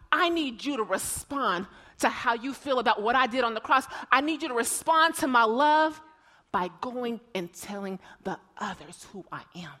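A woman preacher voicing Jesus in a sermon, speaking softly and tenderly. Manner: soft, low and hushed, tender.

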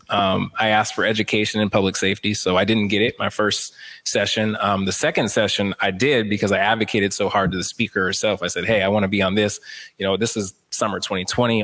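A young man with a somewhat low voice speaks earnestly and reflectively. He works through his thoughts with frequent fillers. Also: fairly bright tone, rough recording. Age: young adult. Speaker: former state representative, guest. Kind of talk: talk-show discussion.

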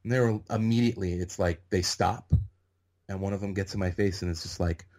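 Lowish-voiced man telling lively anecdotes. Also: brisk. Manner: animated anecdotes, heavy use of "like". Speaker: podcast guest. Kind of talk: casual storytelling interview.

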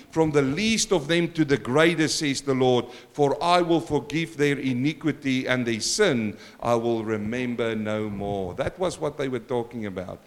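Male pastor mid-sermon, higher-pitched, lively and questioning, booming then hushed. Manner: animated preaching with questions to the congregation; swings between loud exclamations and quiet asides.

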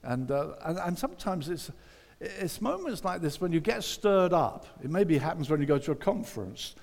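A man's voice: on the high side, sing-song, normal speed, vocal fry, a little mellow. A pastor preaching a conversational sermon and praying, acting out the inner thoughts of his listeners. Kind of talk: sermon with prayer. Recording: reverberant church hall.

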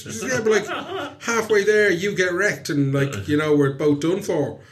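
A man's voice: high voice, a little slow, pitched above the performer's own voice. A man voicing Danny, a plucky young servant, cheerful and easygoing, in a told folk tale. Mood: worried.

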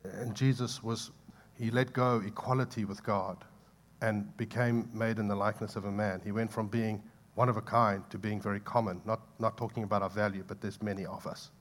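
A man preaching a sermon, swinging between loud impassioned pleading and soft asides to the congregation. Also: lowish voice, little pitch movement, normal speed. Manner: impassioned, building to loud pleading peaks then dropping soft. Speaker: pastor.

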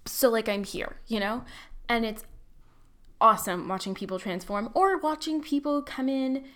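A woman's voice: on the high side, normal speed, a bit bright. A young woman, a college student, chatting casually about her life, filling her talk with likes and you-knows and poking fun at her own flair for drama. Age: young adult. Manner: chatty, filler-heavy, self-deprecating, dramatic. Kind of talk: casual personal storytelling.

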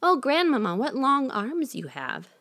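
A woman's voice: mid-range voice, normal speed, fairly bright tone, natural voice. A woman voicing a naive, trusting little girl in a storybook reading. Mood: wondering. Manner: wondering, naive. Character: innocent trusting little girl, wide-eyed.

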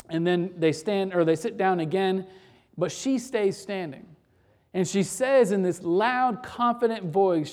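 A preacher delivering a sermon, building to intense repeated lines and dropping to quiet, with frequent restarts. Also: medium pitch. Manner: swings from rising intensity to quiet, repetitive cadences.

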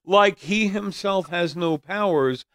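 A man's voice: high voice, slow, a bit bright, no echo. A man co-hosting a podcast in casual chat, with wry, sarcastic and profane remarks. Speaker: podcast co-host.

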